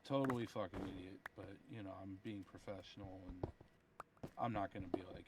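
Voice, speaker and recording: A man's voice: sits low, steady tone, brisk, very noisy. Tired, swearing man venting on a call. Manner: profane, ranting, retells dialogue. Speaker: software developer. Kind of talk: casual chat over voice call.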